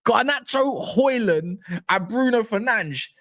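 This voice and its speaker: A man's voice: high voice, normal speed. A young man chatting casually on a football fan live stream, joking and bantering in slang. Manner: animated, jokey, slangy banter.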